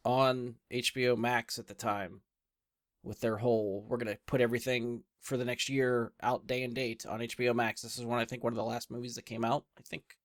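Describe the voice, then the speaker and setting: Guy hosting a movie podcast, laughs a lot, dry close mic, middle pitch. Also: a little fast, no room sound. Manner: laughs often, relaxed hosting. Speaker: podcast host. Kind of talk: casual movie review chat.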